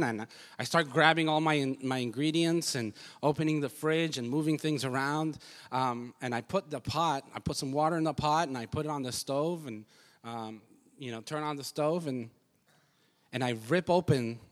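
A man telling a funny story about his marriage to an audience, animated, self-mocking and often laughing. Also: a little high, normal speed. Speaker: husband sharing a testimony. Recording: echoey hall with long reverb.

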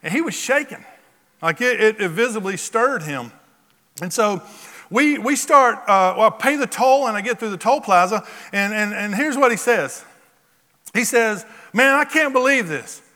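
A male pastor telling a story from the pulpit in an animated, repetitive storytelling manner. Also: high-pitched, normal speed. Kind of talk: sermon storytelling. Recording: long hall reverb.

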